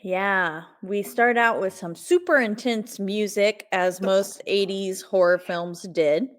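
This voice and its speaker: A woman's voice: medium pitch, takes it slowly. A woman co-hosting a podcast, recapping a horror movie in casual chat, rambling with fillers and laughs. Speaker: podcast co-host.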